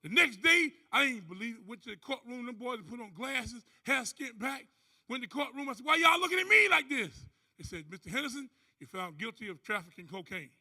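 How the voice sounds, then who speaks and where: On a conference stage, a man gives a lively motivational testimony to a live audience, speaking fairly quickly. His voice is unusually high for a man, bright and gravelly, swinging widely as he acts out other characters' voices and whoops as an animated storyteller.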